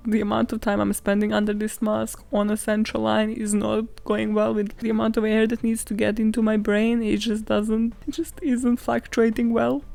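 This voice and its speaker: A woman's voice: on the high side, flat delivery, normal speed, gravelly, hardly any pauses, mellow, no room sound. A woman hosting her own podcast, telling stories in a casual, sweary and sarcastic way, often laughing and acting out quotes. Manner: dramatizes stories and acts out quotes. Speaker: podcast host. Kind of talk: casual solo podcast storytelling.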